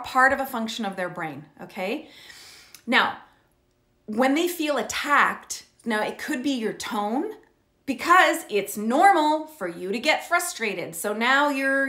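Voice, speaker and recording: A middle-aged woman coaches parents in an earnest, explanatory way, checking in with her listeners as she goes. Her voice sits a little high. The room gives it a noticeable echo. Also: animated, a little slow, sharp tone. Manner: earnest, checks in with frequent "okay?" and "right?". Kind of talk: teaching talk to parents. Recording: roomy echo.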